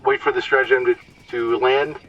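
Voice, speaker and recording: A man's voice: medium pitch, steady tone, a little fast, recorded from a distance, muffled recording. A man giving casual, explanatory commentary over his gameplay, sometimes stumbling over words.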